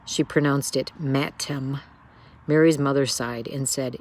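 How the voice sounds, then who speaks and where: A woman reads a children's book aloud. Her narration is expressive and lilting. She sounds like a storyteller. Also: very deep voice, a little slow.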